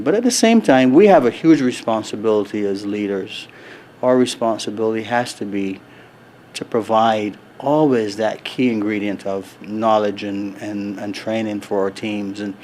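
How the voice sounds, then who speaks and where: Earnest middle-aged man, low voice. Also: darkish tone, a little hiss or hum. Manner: earnest, measured, with frequent fillers and restarts. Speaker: resort executive, interview guest. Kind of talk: conversational interview answer. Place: convention floor.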